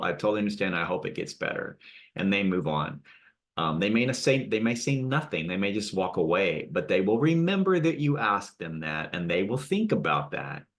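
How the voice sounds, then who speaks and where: A man giving a calm, conversational spiritual talk, sometimes acting out the people he quotes. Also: sits low. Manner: gentle, conversational, acts out quoted exchanges. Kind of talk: reflective monologue.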